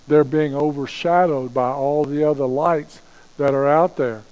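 A man preaching a sermon as pastor, slowing down to stress key phrases and asking rhetorical questions. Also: on the high side, a little mellow, low-quality recording.

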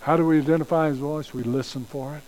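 Male pastor, mellow tone, earnest sermon delivery. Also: on the high side, fairly even intonation, fast talker, rough recording. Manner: earnest preaching, dropping to soft prayer.

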